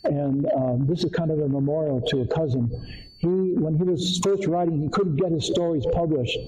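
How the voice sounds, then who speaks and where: A man's voice: fairly high pitch, moderate pace, warm tone, rough recording. An older man from Connecticut presenting his artwork to a live audience, telling stories with frequent fillers and restarts. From Connecticut, USA. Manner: rambling, anecdotal, frequent fillers. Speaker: artist giving a seminar talk. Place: community arts center meeting room.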